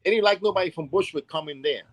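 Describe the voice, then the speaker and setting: A man's voice: on the high side, fast, dry recording, rough recording. A man with a New York accent from Brooklyn, telling old stories in an interview, acting out voices and often asking "you know what I'm saying?". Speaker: interview guest, hip hop dance pioneer. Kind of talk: storytelling interview.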